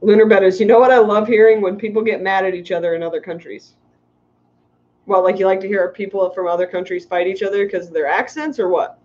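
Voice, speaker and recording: On her fishkeeping livestream, a middle-aged woman from the United States chats casually, rambling and giggling while reading comments. She talks fast with a medium-pitched, darkish voice over muffled lo-fi audio.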